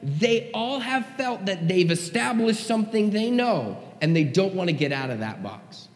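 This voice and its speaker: A man's voice: sits high, big pitch swings, normal speed. A male pastor preaching a sermon in a conversational, emphatic way and often checking in with his listeners. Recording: echoey hall.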